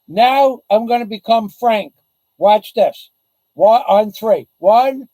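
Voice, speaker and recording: A man's voice: sits high, lively intonation, takes it slowly, dark tone, dry recording, some chatter behind, low-quality recording. A man hosting a casual livestream, talking bluntly and boastfully in a rambling way. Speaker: livestream host. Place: the Philippines.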